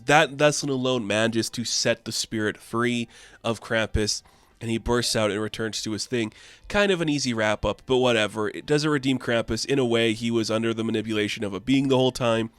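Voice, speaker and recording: A man runs through a comic story in a loose, offhand way, tossing in fillers and shrugging off plot holes. His pitch sits in a middle range for a man. The sound is dry and close, with no room echo. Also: fairly bright tone, clear, resonant tone. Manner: offhand, chatty, many fillers. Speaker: comic book reviewer. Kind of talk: casual comic recap.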